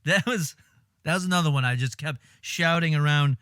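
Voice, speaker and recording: A man streaming casual commentary on film clips, animated and exasperated, swearing and laughing as he talks. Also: on the high side, normal speed.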